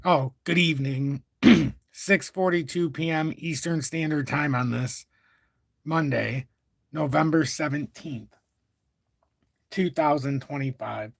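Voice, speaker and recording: A man's voice: fairly high pitch, slow, gravelly, slightly rough, no room sound. A man hosting a casual crypto livestream, talking through charts in a rambling, profane, self-correcting way.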